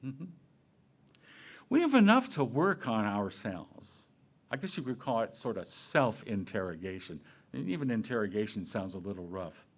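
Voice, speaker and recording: A male minister speaking in a casual, conversational way. His pitch swings up and down a lot as he moves between questions, playful asides and gentle points. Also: big pitch swings, normal speed. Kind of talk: sermon.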